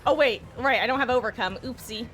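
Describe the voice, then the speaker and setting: A woman from the United States, chatting casually and rambling as she streams a game, often clearing her throat. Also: on the high side, fairly quick, fairly bright tone. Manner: rambling, chatty, self-correcting. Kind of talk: casual live-stream chat while gaming.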